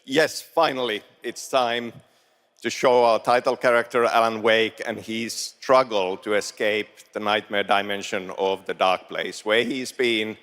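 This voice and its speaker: A man on stage explaining his game in measured, deliberate answers during an interview. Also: fairly low pitch, fairly even intonation, fairly bright tone. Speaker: game director presenting. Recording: reverberant stage.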